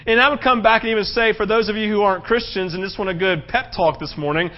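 A man's voice: sits high, fast talker. A male pastor from the United States preaching a casual sermon, often tossing in rhetorical questions. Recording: slightly muffled recording.

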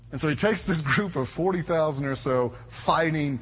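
A man's voice: on the high side, moderate pace, breathy edge. A man in his thirties preaching a sermon as a pastor, emphatic and conversational, repeating his phrases for weight. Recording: echoey hall, dull lo-fi sound.

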